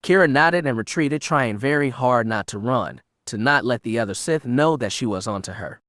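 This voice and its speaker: This audiobook narration comes from a man with a mid-range voice who tells the story steadily and with measure. It's a clean studio recording without echo.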